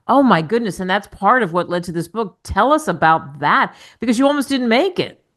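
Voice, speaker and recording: A woman hosts a radio interview in an upbeat, promo-like way. Her voice sits at a middling pitch as she introduces the book and prompts the guest. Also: animated, fairly quick, fairly bright tone. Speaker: radio talk show host.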